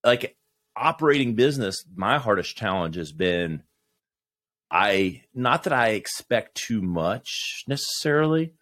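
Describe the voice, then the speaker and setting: Low-ish guy on a podcast, kinda halting and reflective, dry sound. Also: big pitch swings, a bit bright, no echo. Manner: reflective, halting with many restarts. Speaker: podcast guest. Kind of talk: casual conversation.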